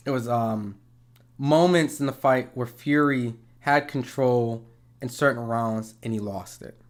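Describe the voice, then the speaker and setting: A man commenting on a boxing match in a livestream. He talks casually, swears, and argues with viewers' comments. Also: medium pitch. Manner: conversational, profane, argumentative.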